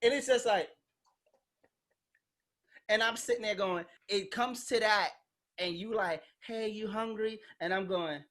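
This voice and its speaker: A woman's voice: mid-range voice, unhurried, long pauses, fairly bright tone. A woman hosting a podcast in casual chat, talking bluntly and animatedly, acting out quoted voices and swearing freely. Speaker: podcast host.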